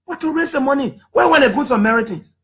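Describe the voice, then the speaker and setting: A Liberian man in his thirties with a high, bright-pitched voice tells his stories with lively emphasis. His pitch swings up and down as he acts out what others said, and his Liberian English accent is strong throughout. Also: fast talker. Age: 30s. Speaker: human rights defender speaking to the public. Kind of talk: animated storytelling talk.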